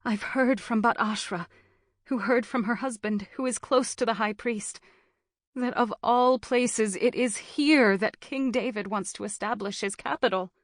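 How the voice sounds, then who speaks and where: A fearful mother from an ancient-world storybook, as a woman narrator puts her on. Her voice sits noticeably higher than the narration, anxious and urgent. Dry, close sound. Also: a little slow, fairly bright tone, dry recording. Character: frightened ancient mother in a besieged town.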